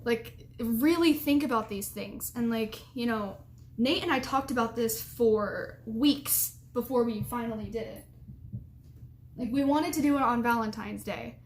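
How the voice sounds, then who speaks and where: A woman's voice: a little high, measured pace, slight background noise. A young adult woman giving casual advice to camera, chatty and rambling with lots of fillers and giggles.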